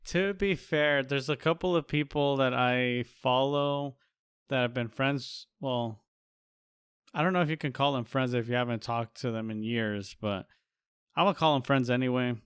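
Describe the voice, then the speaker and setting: A man's voice: mid-range voice, moderate pace, a bit bright, smooth, no room sound, clean studio sound. A young man co-hosting a podcast, talking casually with hesitant restarts and teasing. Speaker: podcast co-host. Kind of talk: casual chat.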